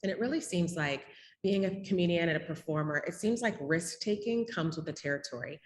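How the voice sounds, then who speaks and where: A woman interviewer asking brisk, affirming questions on a virtual panel. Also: lowish voice, animated. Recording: echoey room with faint noise.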